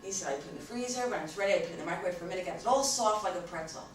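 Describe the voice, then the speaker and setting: A woman with a New York accent tells a story to an audience and plays out both people in the conversation. She sounds far from the mic in a very echoey room. A steady hiss of noise sits under her voice. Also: fairly low pitch, rapid-fire. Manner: animated, acts out both sides of the story. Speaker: speaker on communication.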